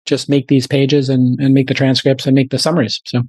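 A man hosting a podcast, riffing quickly in casual chat at a studio mic. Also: mid-range voice, level tone, a little mellow, slightly rough, no echo. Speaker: podcast host.

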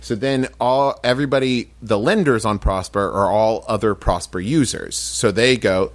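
A man with a fairly low voice explains a sponsor casually on a comedy podcast. He restarts his sentences and lets the pitch ramble without any polish. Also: moderate pace. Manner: explains things loosely, with restarts. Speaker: podcast co-host.

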